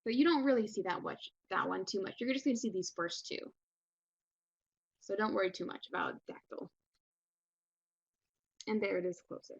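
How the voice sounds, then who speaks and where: A woman teaching a recorded lesson, chatty and encouraging, her voice at a middle pitch. The sound is dry with no room echo and slightly muffled. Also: moderate pace, vocal fry, long pauses, slightly rough. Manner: casual, encouraging, many fillers.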